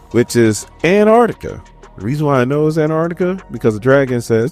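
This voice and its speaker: A man's voice: medium pitch, very animated, fairly quick, a little mellow, faint music behind. A man casually recapping a comic book issue, joking and chatting directly to his viewers.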